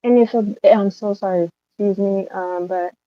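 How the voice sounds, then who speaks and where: A woman pours out an emotional, rambling rant on a livestream, swearing as she goes. Her voice sits at a mid pitch. The phone audio is slightly dull and dry. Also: fairly even intonation, moderate pace, no room sound. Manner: upset, rambling, swears a lot.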